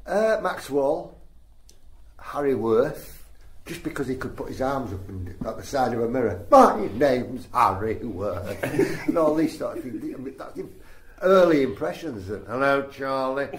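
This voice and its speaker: An older man, a comedian guest, telling stories in an animated, laughing way during an interview. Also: mid-range voice, normal speed. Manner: animated storyteller, breaks into laughter. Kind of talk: anecdotal interview chat. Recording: echoey room, faint noise.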